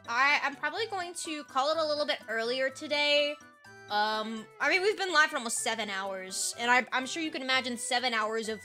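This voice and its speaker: Young woman streamer: bright, lively chatter full of fillers and laughs, a touch hoarse and tired, faint music underneath. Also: sits high. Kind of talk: casual chat recapping a role-play game.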